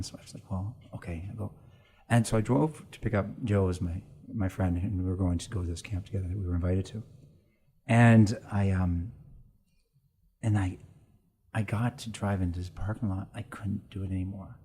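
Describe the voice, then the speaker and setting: Male priest guest, middle-aged, low husky voice, halting heartfelt storytelling. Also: mellow. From Canada. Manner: emotional, halting storytelling with laughter. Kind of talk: personal storytelling interview.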